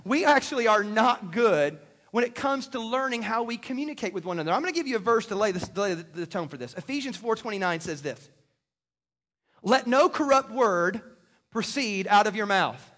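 A man's voice: high-pitched, expressive, fast, fairly bright tone. A man preaching a sermon as a pastor, talking in a conversational way with joking asides to the congregation. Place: church stage in a large hall. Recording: long hall reverb.

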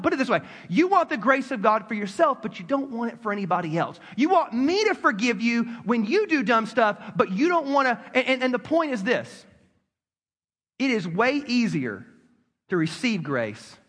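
A man preaching a sermon in a church hall, animated and calling on the congregation to respond. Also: very high voice. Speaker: pastor. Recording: long hall reverb.

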